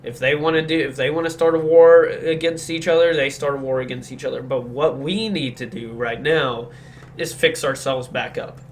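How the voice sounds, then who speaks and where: A podcast host with a medium-pitched voice talks politics casually at normal speed, blunt and opinionated, agreeing emphatically. A slight hiss or hum sits in the background.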